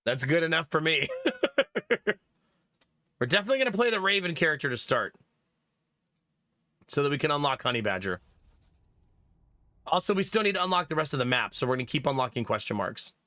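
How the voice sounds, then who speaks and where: A man chatting casually to his live-stream viewers while gaming, talkative and quick to laugh. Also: on the high side, big pitch swings, pushed and bright, no echo, clean studio sound. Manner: chatty, laughs often, talks to chat. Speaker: game streamer.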